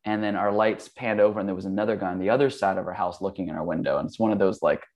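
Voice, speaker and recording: A man in his forties, a guest in casual conversation, telling stories in a relaxed, rambling way full of fillers and restarts. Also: sits low, rapid-fire. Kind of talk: casual storytelling.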